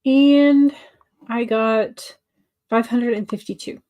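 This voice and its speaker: A woman's voice: a little high, fairly even intonation, takes it slowly, mellow. Woman, livestream host, casual chat, answers comments, filler words, restarts. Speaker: livestream host of writing sprints.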